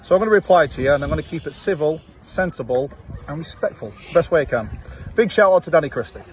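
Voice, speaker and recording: Quick and animated, a slightly high male voice with a Manchester accent comes through over slight background noise. He's a Manchester fight promoter shooting a confrontational reply video to camera outdoors during a football match, goading with a repeated "yeah?".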